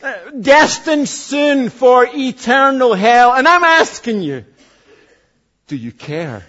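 A man in his forties preaching a sermon as pastor, earnest, dropping from loud emphasis to hushed asides. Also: extremely high pitch, big pitch swings, slow pace, muffled recording. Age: 40s.

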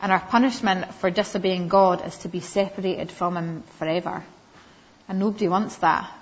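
A woman giving a Bible lesson to young children, gently questioning them and calling on them by name. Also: mid-range voice. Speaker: Sunday school teacher. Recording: slightly dull lo-fi recording.

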